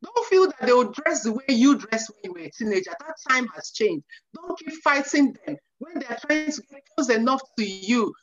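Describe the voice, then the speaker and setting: A woman's voice: fairly high pitch, very animated, normal speed. A woman in her forties, a youth counselor, earnestly advising parents and often saying "you know". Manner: earnest, repeats "you know", acts out quotes. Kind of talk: advice talk to parents. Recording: muffled lo-fi recording.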